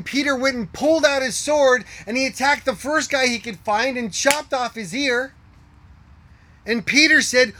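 Male pastor, high voice, earnest sermon delivery, hushes for emphasis. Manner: earnest preaching with rhetorical questions, drops to hushed tones.

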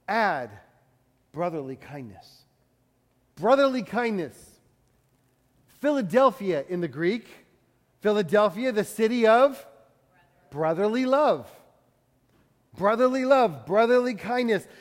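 A man preaching a sermon in a conversational way, swinging from loud to hushed. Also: high voice, in a large hall. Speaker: pastor.

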